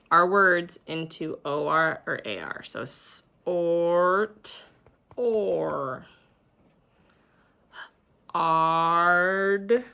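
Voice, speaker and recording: A young woman gives a video phonics lesson to small children, sounding words out with patience. Her voice is bright and clear and sits a little low. She takes her time, speaking slowly into a camera mic at home. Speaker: teacher.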